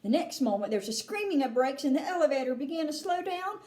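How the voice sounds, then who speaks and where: A woman teacher reads a children's story aloud, expressive and chatty, turning to her listeners now and then. Her high, lively voice rings in a roomy, echoing space. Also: quick pace. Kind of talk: reading a children's book aloud. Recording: roomy echo.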